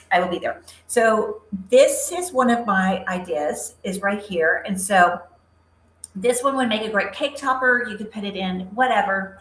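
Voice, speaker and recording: A woman's voice: mid-range voice, fairly bright tone, echoey room, a little hiss or hum, low-quality recording. Chatty woman hosting a craft livestream. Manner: chatty, upbeat, talks to viewers by name while crafting. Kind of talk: casual live craft demo with chat.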